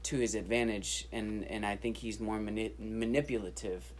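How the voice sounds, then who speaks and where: Low-voiced laid-back man chatting. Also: fairly even intonation, moderate pace, crowd noise. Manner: laid-back, repeats himself when starting a thought. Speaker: podcast co-host. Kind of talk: casual chat.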